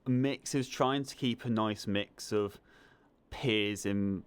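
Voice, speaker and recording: Young Southern English man, low smooth voice, eager casual interview guest. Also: takes it slowly. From England. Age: young adult. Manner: enthusiastic, animated storyteller. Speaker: guest, film student.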